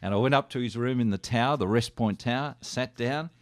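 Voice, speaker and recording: An older man with an Australian accent, a radio guest telling lively anecdotes and acting out quoted dialogue. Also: mid-range voice, a little fast, no room sound. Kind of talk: casual storytelling.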